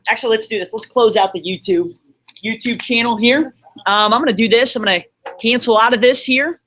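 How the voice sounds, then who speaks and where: Here the man's voice is very high, brisk, pushed and bright. He leads a math class in a classroom that's streamed online, staying upbeat and encouraging while he quizzes the students.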